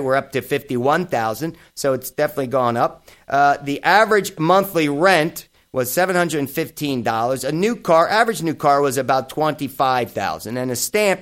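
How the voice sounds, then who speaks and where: A man's voice: a little high, a bit bright. A middle-aged man hosting a podcast, giving blunt, profane opinion commentary in a casual style. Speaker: podcast host.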